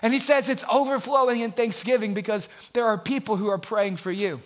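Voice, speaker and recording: A man's voice: high-pitched, steady tone, fairly quick. A male pastor preaching a sermon with passion, building his points through repeated phrases.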